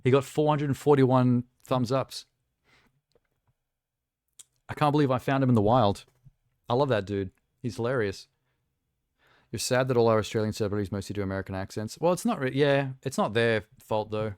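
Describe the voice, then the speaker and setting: A man's voice: mid-range voice, normal speed, long pauses, darkish tone, smooth, no room sound, studio quality. A young man live streaming, chatting casually and rambling with self-amused asides while reacting to trailers.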